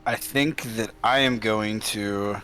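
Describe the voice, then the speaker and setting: Bright-voiced man playing a tabletop game. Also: lowish voice, steady tone, slow pace. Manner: hesitant, restarts a lot. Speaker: player. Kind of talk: casual tabletop game play.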